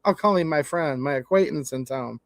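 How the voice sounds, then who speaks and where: A man's voice: a little high, normal speed, no echo. A man hosting his own channel, talking bluntly and casually in a folksy way as he gives his opinions to camera. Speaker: channel host.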